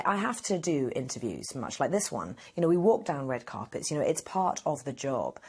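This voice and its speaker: A woman's voice: deep voice, darkish tone, breathy edge. A woman, answering interview questions candidly and laughing easily. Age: 40s. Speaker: actress interview guest. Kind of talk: casual interview.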